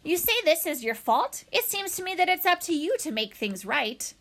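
A blunt old goose speaks in a brisk, scolding squawk that is animated and bright. A woman reads her in a storybook. She is no-nonsense and sure of herself, a practical elder of the pond. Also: very high-pitched, voice pushed up, full character voice.

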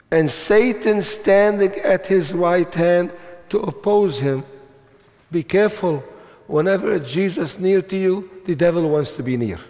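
A man preaching a sermon at a camp meeting, slow and emphatic, putting rhetorical questions to the congregation. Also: fairly high pitch, a little mellow. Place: large meeting hall. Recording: long hall reverb.

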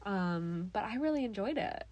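A woman's voice: mid-range voice, animated, normal speed, a little mellow. A woman co-hosting a podcast in casual chat, agreeable and chatty. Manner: agreeable, chatty, lots of yeahs. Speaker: podcast co-host.

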